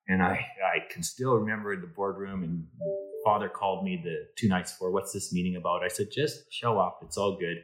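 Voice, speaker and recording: A middle-aged insurance executive with a low, deep voice is a guest in a relaxed, casual podcast interview, telling animated workplace anecdotes. He energetically acts out quoted dialogue. The recording is rough.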